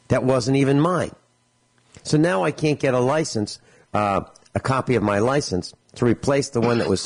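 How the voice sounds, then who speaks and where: Animated man telling exasperated stories. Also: medium pitch. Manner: animated storytelling, acts out both sides of conversations; exasperated, sarcastic. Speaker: radio show host. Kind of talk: talk radio commentary.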